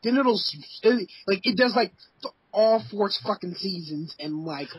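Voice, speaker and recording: A man with a high, husky voice rants in a casual podcast chat. He piles on swearing and exasperated emphasis as he complains. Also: expressive, unhurried. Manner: emphatic, profane, exasperated ranting.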